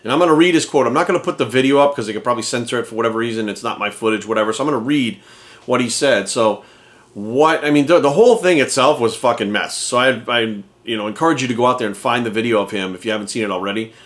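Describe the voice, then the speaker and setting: A man's voice: medium pitch, quick pace, fairly bright tone. A man, a fitness coach, ranting angrily to camera in coarse, profane language. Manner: profane, heated, indignant ranting. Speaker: fitness coach and channel host.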